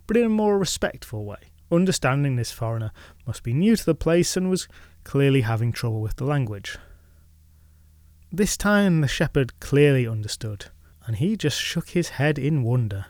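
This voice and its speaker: A man's voice: medium pitch, darkish tone, no echo. Wry male storyteller, dry close sound. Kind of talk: narrating a legend with asides.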